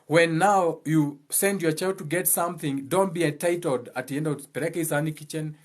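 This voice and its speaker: A man's voice: fairly high pitch, moderate pace. A man hosting his channel, giving a blunt, impassioned monologue full of profanity and repeated phrases for emphasis. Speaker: channel host.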